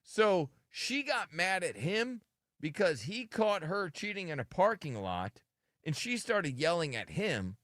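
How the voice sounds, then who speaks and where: A man's voice: sits high, unhurried, no echo, clean studio sound. A man hosting a live radio show, teasing his co-hosts and retelling a caller's clip. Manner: teasing, animated storytelling.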